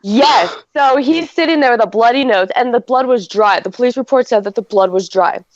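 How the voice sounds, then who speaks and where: A woman in her thirties from Canada tells a rambling story on a casual podcast, her voice sitting a little high. She piles on fillers and acts out quoted lines as she goes. The audio is dry and slightly dull, like a lo-fi podcast mic. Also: a little fast, no echo. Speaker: podcast co-host. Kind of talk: casual chat.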